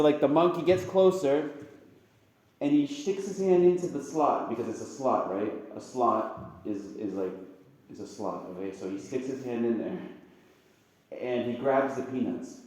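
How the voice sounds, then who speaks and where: A priest gives a loose, conversational homily, joking with his listeners and jumping into squeaky sound effects. His voice sits at a middling pitch. The room around him rings with heavy echo. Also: unhurried, pauses often. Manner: chatty and animated, bursts into high-pitched sound effects and jokes with the audience. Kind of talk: casual spoken homily.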